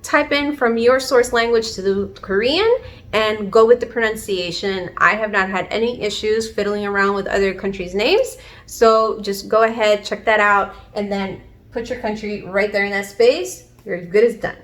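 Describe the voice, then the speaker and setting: A woman's voice: medium pitch, moderate pace, fairly bright tone. A woman from Puerto Rico giving a casual video lesson, chatty and encouraging as she explains at a whiteboard. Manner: chatty and encouraging, self-deprecating. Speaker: online language learner teaching viewers. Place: indoors at a whiteboard. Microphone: camera framing her at the board.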